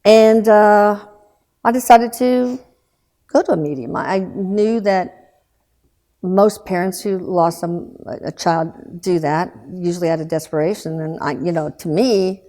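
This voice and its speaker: A woman in her sixties recounts a painful personal story on an interview show. Her voice sits low and mellow, earnest and subdued. She halts often, restarting phrases and letting them trail off. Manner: halting, with restarts and trailing pauses. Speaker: guest recounting loss.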